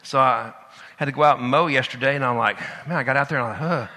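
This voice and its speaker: A man's voice: mid-range voice, steady tone, quick pace, sharp tone, in a large hall. A middle-aged man, preaching a conversational sermon as pastor and acting out little asides.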